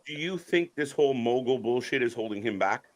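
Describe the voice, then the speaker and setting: A man's voice: mid-range voice, lively intonation, a little fast. A man co-hosting a live wrestling watch-along, chatting casually, swearing now and then, and greeting viewers in the chat. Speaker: live stream co-host.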